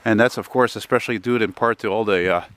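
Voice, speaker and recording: A middle-aged Canadian vlogger with a lowish, fairly bright voice talks fast while walking outdoors down a residential street. He rambles and chats with a wistful, nostalgic streak, swearing now and then.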